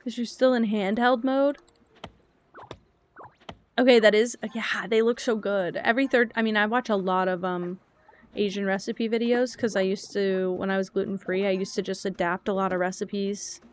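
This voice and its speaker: Woman streamer, casual and chatty, mid-pitch, wanders between topics while she plays. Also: steady tone, normal speed. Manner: rambling, chatty, reads chat aloud. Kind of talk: casual gaming stream chat.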